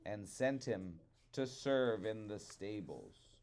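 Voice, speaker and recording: A man reading a fairy tale aloud to children in a rhythmic, expressive way. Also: lowish voice, slow pace. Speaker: storyteller.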